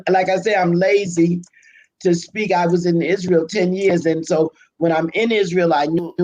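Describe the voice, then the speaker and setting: An older woman with a Brooklyn accent, chatting as an interview guest, self-deprecating and quick to laugh. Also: lowish voice, darkish tone, dull audio. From Brooklyn, United States. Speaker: pastor and biblical scholar, guest. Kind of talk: casual conversational interview.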